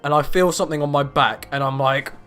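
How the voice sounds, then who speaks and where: Bright-voiced teen boy rambling. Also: on the high side, brisk, clear, resonant tone, soft background music. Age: teens. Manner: rambling, animated, lots of "you know" fillers. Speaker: vlogger. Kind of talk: casual storytelling vlog.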